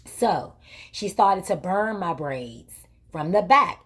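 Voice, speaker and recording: A woman with a slightly low voice recounts a story to camera in a casual, colloquial way. She leans on repetition and emphasis, and she slips easily into the voices of the people in her story. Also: unhurried, slightly rough. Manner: emphatic, repetitive retelling with lively quoted exchanges; colloquial, vernacular grammar. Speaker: vlog host.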